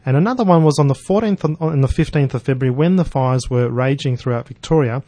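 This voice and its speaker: A man co-hosting a local radio pet show in a friendly, steady way. He reads out event notices and keeps the chat moving. His studio sound is close and dry. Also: mid-range voice, quick pace, no echo. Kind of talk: radio interview and announcements. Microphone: studio microphone.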